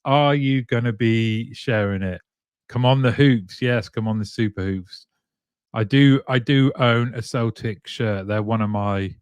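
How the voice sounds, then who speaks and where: A man's voice: lowish voice, no echo. A man hosting a live stream, chatting casually and greeting viewers one by one by name, with plenty of ums. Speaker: live show host.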